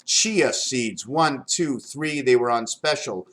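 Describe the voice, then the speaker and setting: A man's voice: medium pitch, slow, a bit bright. An older man talking to his camera in a home vlog, rambling from one topic to the next and showing things as he goes. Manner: wandering stream-of-consciousness talk, jumping between topics; shows items to the camera while talking. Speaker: vlogger.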